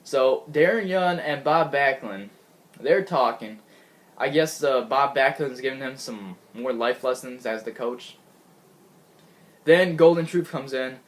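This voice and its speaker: A little slow and medium in pitch, this man's voice goes through a wrestling show recap in a chatty, rambling manner. He giggles frequently and often begins his sentences again.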